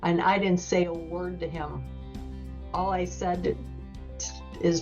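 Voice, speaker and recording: A woman's voice: lowish voice, fairly even intonation, slow, pauses often, a little mellow, highs cut off, faint music behind. A woman guest, a former corrections officer, earnestly telling a personal story in an interview and acting out the dialogue as she goes. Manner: earnest, vivid retelling with quoted dialogue.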